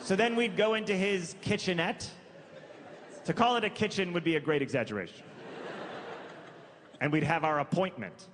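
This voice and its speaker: A man performing stand-up comedy, telling a story in a conversational way, stacking asides and self-corrections and delivering absurd details deadpan. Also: a little high, slight background noise. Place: comedy club stage before a live audience. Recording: reverberant venue with crowd ambience.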